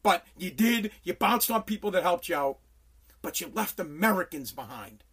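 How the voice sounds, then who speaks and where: Husky yet fairly bright, the medium-pitched voice is animated and moves at normal speed. It's a podcast host ranting angrily about politics, swearing nonstop, hammering phrases repeatedly for emphasis, and tripping over restarts when heated.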